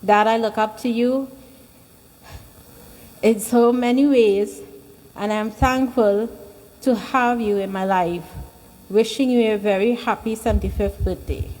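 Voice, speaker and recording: Slow, halting woman giving a heartfelt tribute. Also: a little high, fairly even intonation, a little mellow, poor audio. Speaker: daughter giving a birthday tribute. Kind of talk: emotional speech at a temple gathering. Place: temple hall.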